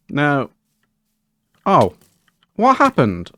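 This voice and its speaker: A man's voice: fairly low pitch, expressive, measured pace, gravelly, pauses often. A man hosting a Minecraft let's-play, chatting casually and scolding the game's mobs in a mock-posh, indignant way. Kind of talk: casual gameplay commentary.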